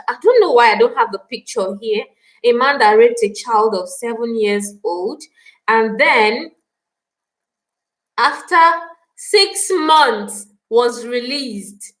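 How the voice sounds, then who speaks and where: Indignant Nigerian woman, fairly high voice. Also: rough recording. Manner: passionate, indignant, repeats phrases for emphasis. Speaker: live-stream host. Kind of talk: impassioned live-stream talk answering viewer comments.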